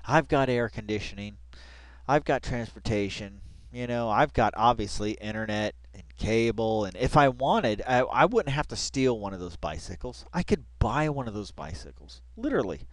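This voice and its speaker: A man hosting a casual reaction video at home on a headset mic, excitable and laughing, tossing "dude" into nearly every line. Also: mid-range voice, moderate pace, dry recording. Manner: excitable, says "dude" constantly, breaks into laughter.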